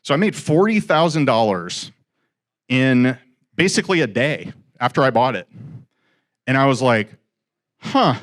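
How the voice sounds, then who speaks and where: A man's voice: medium pitch, moderate pace, long pauses. A middle-aged man telling a story to a live audience about his first real estate deal, acting out the dialogue as he goes. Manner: animated, acts out quoted dialogue.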